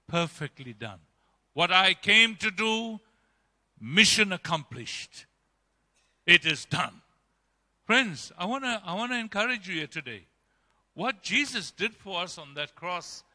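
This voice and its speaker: A man preaching in a church, his voice pitched high for a man and strikingly bright and forceful. He delivers the sermon emphatically, swinging between raised and hushed passages, while a long reverb trails behind every phrase. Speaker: pastor.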